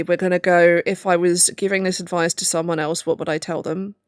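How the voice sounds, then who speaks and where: A young PhD student livestreaming talks casually to herself, teary and laughing nervously. Her voice is lowish and clean with little pitch movement, brisk and barely pausing, in a dry, clean studio recording.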